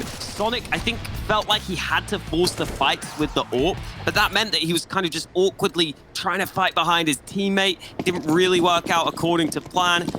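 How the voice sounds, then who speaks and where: A man giving analytical color commentary on a video game match, with dry humor. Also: fairly high pitch. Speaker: esports analyst. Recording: noisy game audio behind. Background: game sounds.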